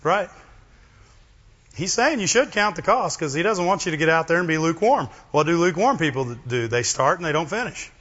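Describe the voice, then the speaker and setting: Animated preacher man, lo-fi recording. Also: a little high, a little fast. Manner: animated, asks the congregation questions. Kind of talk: sermon. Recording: dull lo-fi recording.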